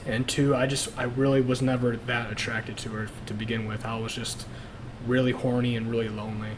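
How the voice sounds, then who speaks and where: A man's voice: medium pitch, level tone, fairly quick. Young male streamer, blunt and profane, casual confessional talk, faint noise behind. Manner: blunt, profane, laughs at himself.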